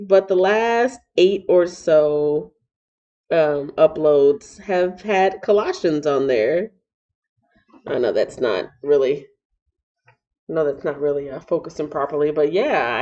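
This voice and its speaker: A playful, chatty woman from Texas reads the Bible live and greets her viewers by name. Her voice sits a little low. It comes through a dull, lo-fi laptop microphone in a room at home. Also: unhurried, dark tone. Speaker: Bible reading live-streamer. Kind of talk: casual live-stream Bible reading. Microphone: laptop mic.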